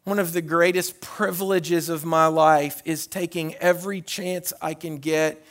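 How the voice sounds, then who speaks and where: A man preaching a sermon as a pastor, shifting between loud hollering and hushed tones and often repeating words as he restarts phrases. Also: on the high side, fairly even intonation, unhurried.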